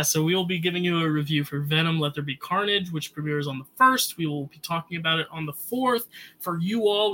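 Young male co-host, slightly high and bright voice, loose chatty movie talk. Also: rough recording. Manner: chatty, quick asides, lots of "like". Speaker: podcast co-host. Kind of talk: casual movie review chat.

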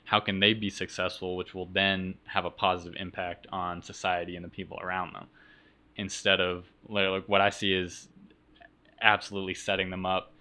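Laid-back man with a bright, lower voice. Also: level tone, normal speed. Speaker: guest. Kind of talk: casual chat.

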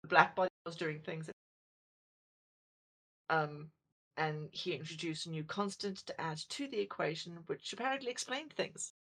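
A woman's voice: deep voice, moderate pace, long pauses, a bit bright. A woman co-hosting a podcast in casual chat, rambling and self-deprecating, full of fillers and restarts. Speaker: podcast co-host.

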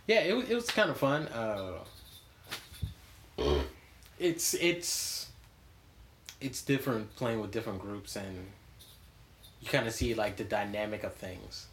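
A man's voice: on the low side, lively intonation, takes it slowly, long pauses, a bit bright, slight background noise. A man hosting a podcast, chatting casually with a co-host, rambling through stories with lots of fillers and frequent laughs. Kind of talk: casual chat.

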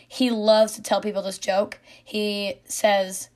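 A woman, likely in her thirties, speaking earnestly and warmly as a mother reflecting on her son, at times dropping to a soft whisper. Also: medium pitch, flat delivery, slow pace. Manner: earnest, heartfelt, soft-spoken with quiet whispered asides. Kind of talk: personal reflective monologue.

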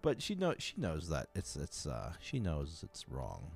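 A man's voice: extremely low pitch, huge pitch swings, measured pace, creaky, a little mellow, soft background music. A man from Alaska co-hosting a podcast, rambling through casual banter full of "like" and swearing. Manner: rambling, heavy on "like", swears freely, laughs often. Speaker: podcast co-host.

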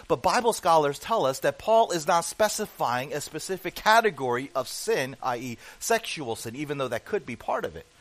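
A man's voice: fairly high pitch, rough recording. A man preaching a sermon as pastor, emphatic and full of rhetorical questions put to the congregation.

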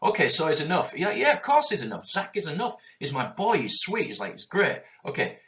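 A man's voice: a little high, sing-song, a little fast, a bit bright. A man in his forties speaking in a passionate, emphatic and heavily profane conversational way as a guest. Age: 40s.

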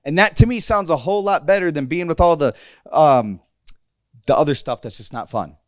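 A man's voice: fairly high pitch, expressive, moderate pace, no echo, studio quality. A man in his thirties giving a casual, emotional sermon to a youth group, candid and rambling with frequent restarts. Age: 30s.

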